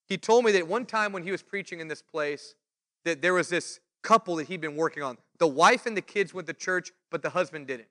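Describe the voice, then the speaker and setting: A male preacher delivering a sermon with a high, bright voice. He tells stories with lively energy and briefly slips into the voices of the people he quotes. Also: fairly quick. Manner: animated storytelling, acts out quoted voices.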